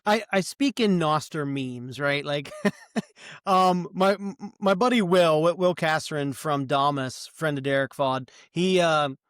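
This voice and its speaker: Casting: middle-aged male podcast co-host, eager and animated, slightly raised pitch, dry close sound. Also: unhurried, smooth, dry recording. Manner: animated, enthusiastic, restarts often. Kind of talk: casual tech chat.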